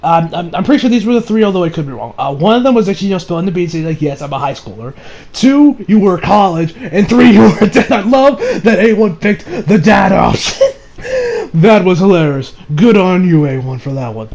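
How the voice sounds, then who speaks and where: A man's voice: high-pitched, lively intonation, fairly quick, gravelly, a little mellow. A young man reviewing an anime episode in a casual, rambling way, with many fillers and frequent laughter.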